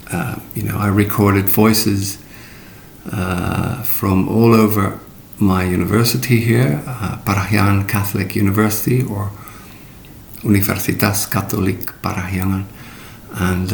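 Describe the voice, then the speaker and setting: A middle-aged man teaching English pronunciation, speaking slowly and deliberately with fillers and spoken demonstrations. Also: vocal fry. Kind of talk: recorded pronunciation lesson. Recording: echoey room with faint rumble.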